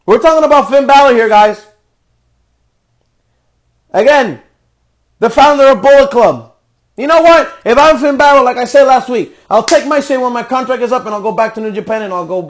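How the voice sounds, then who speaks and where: A man with a high-pitched voice, swearing freely as he rants through a podcast review of a wrestling show. He sounds fed up, exasperated and blunt. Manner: profane, ranting, exasperated. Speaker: podcast host.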